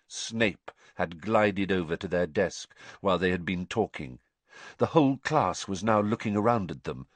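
A man narrating a story in an expressive, measured way. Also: fairly low pitch, no echo. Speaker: audiobook narrator.

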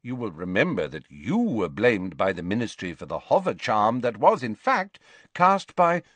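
A wise old wizard speaks calmly and patiently, his measured voice lifting and falling with plenty of expression, as a man puts him on. His tone rises a little above the reader's own. The audiobook recording is close and dry. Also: on the low side, dry recording. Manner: measured, gently explaining. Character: old male wizard headmaster, calm and measured. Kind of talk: audiobook character reading.

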